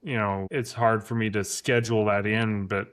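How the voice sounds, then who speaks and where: A man's voice: fairly low pitch, little pitch movement, moderate pace, fairly bright tone, smooth, faint music behind. A man hosting a casual podcast interview, hesitant and self-deprecating, with stumbling restarts. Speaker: podcast host. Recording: roomy echoey room sound.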